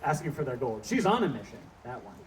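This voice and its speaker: A man's voice: medium pitch, big pitch swings, fast. A male stand-up comedian performing a live set in a small venue, telling rambling, profane stories full of asides. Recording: distant mic with faint background noise.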